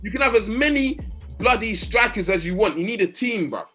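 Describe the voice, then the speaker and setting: A young man rants about his team with sweary, fired-up rhetorical questions. His voice sits fairly high for a man, with faint music behind him. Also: expressive, brisk, bright, forceful tone. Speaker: co-host. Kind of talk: heated casual football rant.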